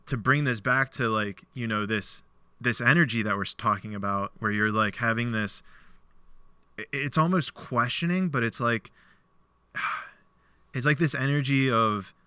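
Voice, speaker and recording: Crisp, bright-voiced man hosting a podcast. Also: mid-range voice, no echo. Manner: animated storyteller, acts out quoted dialogue; loose speech with many "like" fillers. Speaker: podcast host. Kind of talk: casual conversation, retelling a parable.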